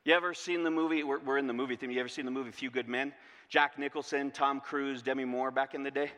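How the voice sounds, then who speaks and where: A man preaching a sermon as pastor, repeating key phrases and asking rhetorical questions in a lively way. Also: medium pitch, fast talker. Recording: long hall reverb.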